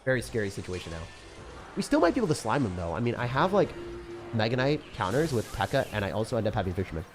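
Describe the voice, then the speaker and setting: A young adult man talks his way through a match in casual gaming commentary, chatty and excitable. His voice sits at an ordinary middle pitch. He cracks jokes and breaks into laughs, with faint music underneath. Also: very fast. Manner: chatty and excitable, joking and laughing often, slangy. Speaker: gaming channel host. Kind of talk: casual live gameplay commentary.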